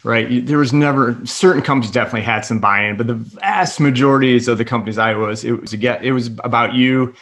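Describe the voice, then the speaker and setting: A man's voice: medium pitch, fairly even intonation, quick pace, hardly any pauses, fairly bright tone. A man hosting a business podcast, chatting casually and agreeably, loose and a bit rambling. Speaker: podcast host. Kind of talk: casual interview chat.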